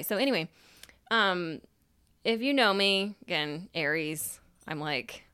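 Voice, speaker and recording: Young woman podcaster rambling through a story, lowish smooth voice, swears a lot. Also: takes it slowly, no echo. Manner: animated, swears freely, quotes herself. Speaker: podcast host. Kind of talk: casual storytelling.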